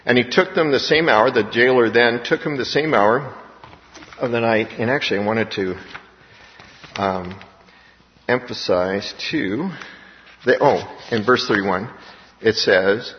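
A man's voice: medium pitch, a little slow, long pauses, a little hiss or hum. Man preaching in a reverberant hall. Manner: animated, acts out quoted voices. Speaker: pastor. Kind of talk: sermon. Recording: dull reverberant hall recording.

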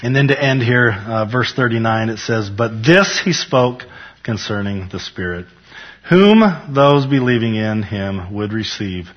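A man teaching the Bible in a casual, earnest way, talking straight to his viewers and reading scripture slowly with rising emphasis. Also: fairly low pitch, lively intonation, muffled recording. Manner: earnest, fervent, addresses viewers as "you guys".

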